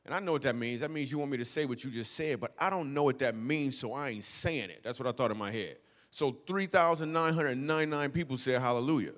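A young man telling a stand-up comedy story, animated and playful, swinging from hushed asides to loud outbursts. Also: medium pitch, fast. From Michigan. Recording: long hall reverb.

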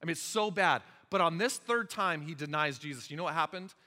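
Animated male pastor preaching. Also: on the high side, fairly quick. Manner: animated, asks the audience questions. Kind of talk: sermon. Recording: long hall reverb.

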